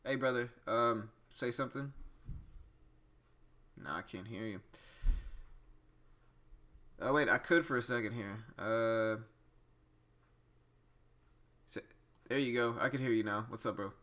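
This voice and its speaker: Young man, trading-stream host, casual and rambling, mid-pitched. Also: a little slow, long pauses. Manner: relaxed, chatty, with frequent restarts and fillers. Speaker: day-trading livestream host. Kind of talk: casual live-stream chat.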